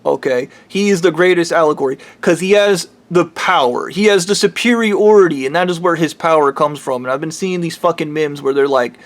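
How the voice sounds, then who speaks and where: A man's voice: on the high side, fairly quick, hardly any pauses. A man ranting heatedly in a rambling, profane vlog monologue. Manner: heated, rambling, swears freely. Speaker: vlogger.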